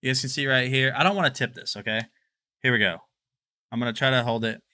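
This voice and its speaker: Bright, chatty young male streamer. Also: medium pitch, quick pace. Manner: excitable, chatty, talks straight to viewers. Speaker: livestream product showcase host. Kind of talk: casual live-stream chat.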